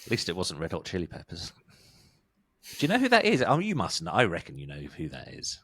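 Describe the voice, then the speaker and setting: A man's voice: low-pitched, huge pitch swings, brisk, fairly bright tone, husky. A man co-hosting a music podcast in casual chat, rambling, restarting and laughing often. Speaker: podcast co-host.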